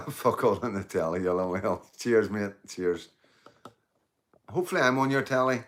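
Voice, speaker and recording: Speaking at normal speed in a lowish, expressive and slightly bright voice, a middle-aged man hosts a casual livestream. He rambles, swears freely and refers to viewers as mate and guys.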